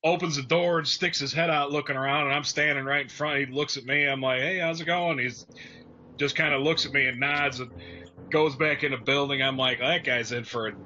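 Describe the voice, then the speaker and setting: A man's voice: mid-range voice, fairly quick. A man co-hosting a casual roundtable show, telling stories with lots of swearing and acting out the people in them. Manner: profane, animated storyteller acting out voices. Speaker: roundtable co-host. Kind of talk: casual storytelling chat. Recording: dull lo-fi sound with faint noise.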